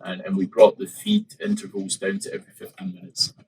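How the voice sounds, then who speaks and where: A man's voice: fairly low pitch, big pitch swings, fairly quick, slightly rough, low-quality recording. A man, a podcast guest and open water swimmer, casually telling a story with many fillers and quoted thoughts.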